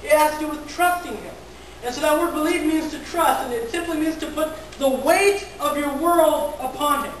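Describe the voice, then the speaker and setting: A woman pastor preaches in a relaxed, conversational way, stumbling over repeated words and tossing questions to her listeners. Her high voice comes from a distance and rings through a big, echoey church. A faint hiss sits underneath. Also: moderate pace. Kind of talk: conversational sermon. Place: large echoey church hall. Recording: very echoey church hall from far off.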